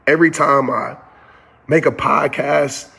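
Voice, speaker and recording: A little high and a little slow, his husky voice stays steady yet sounds pushed and bright, with some vocal fry. The motivational speaker preaches earnestly to "y'all," repeating phrases as he becomes emotional.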